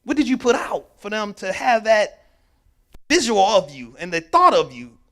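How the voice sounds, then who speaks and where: Speaking at a church mental health workshop, this man has a high-sitting voice and a moderate pace. He tells stories emphatically, repeats key words, and acts out the quoted lines of the people he describes with lively animation.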